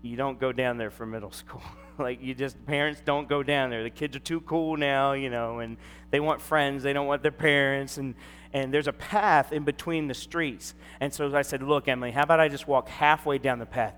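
A man's voice: medium pitch, moderate pace, smooth. Man preaching in a reverberant hall. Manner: storytelling, animated, acts out quoted voices. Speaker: pastor. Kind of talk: sermon. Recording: long hall reverb, faint hum.

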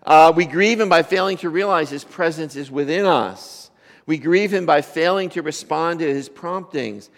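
A man in his fifties, with a slightly high voice and lively intonation, preaches at a moderate pace in a church hall with long reverb. The pastor is conversational and joking, firing rhetorical questions at the congregation.

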